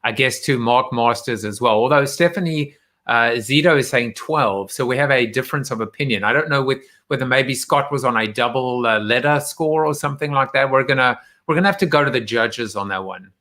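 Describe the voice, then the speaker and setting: Male talk-show host on a call, medium pitch, crisp bright voice, teasing and quick. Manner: teasing, playful, quick-witted. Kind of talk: casual video-call chat. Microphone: video call.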